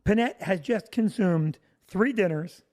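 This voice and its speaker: A woman comedian and producer telling a long, detailed anecdote at a steady pace. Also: medium pitch, measured pace. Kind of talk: anecdote on a talk show.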